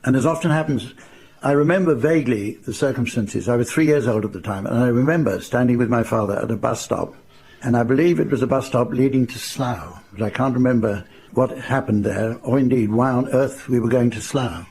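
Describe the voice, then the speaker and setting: Older English raconteur, gravelly, mid-pitched, dry understated delivery. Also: male voice, darkish tone. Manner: dry, unhurried, wry understatement. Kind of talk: anecdotal storytelling to a live audience.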